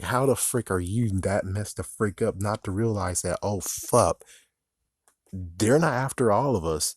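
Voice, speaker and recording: A man's voice: fairly low pitch, no echo, studio quality. A man ranting through a movie review, exasperated and swearing constantly.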